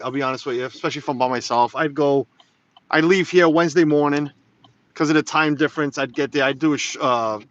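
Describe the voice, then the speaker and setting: A man with a fairly high, fairly bright voice drives through snow while chatting casually to viewers on a live stream, rambling and reading comments aloud. The phone audio is lo-fi and a little dull, recorded inside the car.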